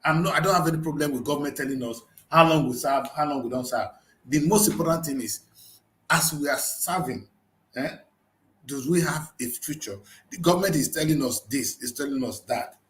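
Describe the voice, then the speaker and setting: A man hosting a newspaper review show, arguing in an animated, emphatic way full of rhetorical questions. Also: mid-range voice. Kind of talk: heated studio discussion. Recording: roomy studio echo.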